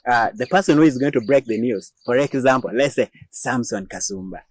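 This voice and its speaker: A man's voice: medium pitch, a little fast, no echo. A man from Uganda with a Ugandan English accent, hosting a casual news commentary show in a chatty, joking way with frequent laughs. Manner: chatty and joking, laughs often, many fillers. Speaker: host.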